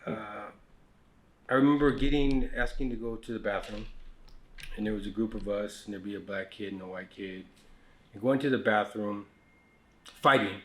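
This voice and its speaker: A middle-aged American man telling his life story candidly in a casual podcast conversation, with many fillers, restarts and quiet asides. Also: on the low side, normal speed, long pauses, a little hiss or hum. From United States.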